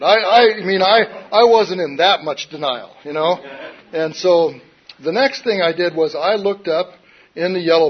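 A man telling a personal recovery story in a wry, self-mocking, rambling way, often saying "you know". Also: fairly high pitch. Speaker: recovery speaker. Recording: dull lo-fi recording.

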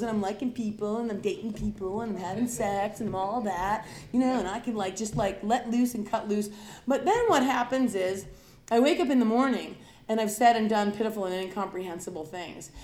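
A woman's voice: mid-range voice, darkish tone. Candid, dramatic woman in an echoey room. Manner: dramatic and emphatic, acting out her past self; candid and confessional. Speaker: recovering alcoholic sharing her story. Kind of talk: personal recovery talk to an audience.

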